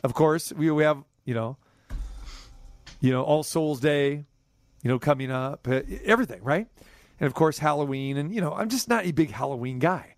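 Man, middle-aged, sports radio host, high voice, dry studio sound, rambling animated storytelling. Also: moderate pace, no room sound. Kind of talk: casual sports talk chat.

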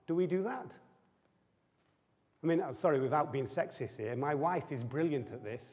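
A man's voice: a little high, expressive, moderate pace, a little mellow. A man preaching a sermon to a live audience, chatty and full of rhetorical questions and humorous asides. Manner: conversational, keeps asking the audience rhetorical questions. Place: church hall with an audience. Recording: long hall reverb.

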